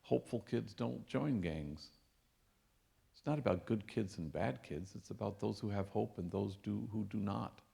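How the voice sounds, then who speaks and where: Priest, 50s, slightly gravelly voice, easygoing storyteller at a lecture. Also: male voice, on the low side, normal speed. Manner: warm anecdotal storytelling with Spanish phrases. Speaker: priest and speaker. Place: lecture hall.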